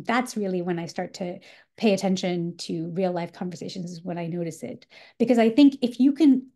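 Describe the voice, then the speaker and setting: A woman's voice: mid-range voice, warm tone. A woman leading a writing workshop, explaining literary passages in a thoughtful, explanatory way with frequent fillers such as "um" and "you know.".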